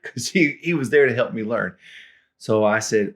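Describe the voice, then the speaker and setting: A middle-aged man, a language tutor, telling funny stories from his learning in a relaxed, chuckling way and clearing his throat now and then. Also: fairly low pitch, normal speed. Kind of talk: anecdotal lesson storytelling.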